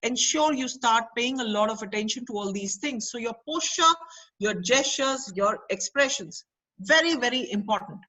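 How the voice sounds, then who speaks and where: The audio is poor, but her voice comes across as fairly high, bright and forceful at a normal speed. She's an Indian woman on a video call, delivering an interactive career counselling webinar to students in a blend of English and Hindi while quizzing them.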